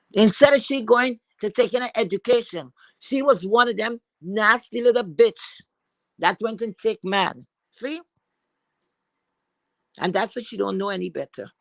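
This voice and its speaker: A woman's voice: a little high, a bit bright, dry recording. A woman from Trinidad, ranting profanely and emphatically as a guest on a casual live chat. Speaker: livestream guest.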